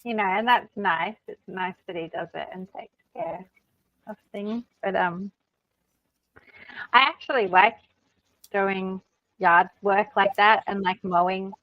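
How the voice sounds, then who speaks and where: A woman's voice: mid-range voice, steady tone, takes it slowly, pauses often, no echo. Australian woman chatting on a dull line. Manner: chatty, explains patiently with fillers. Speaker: livestream co-host. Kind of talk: casual chat.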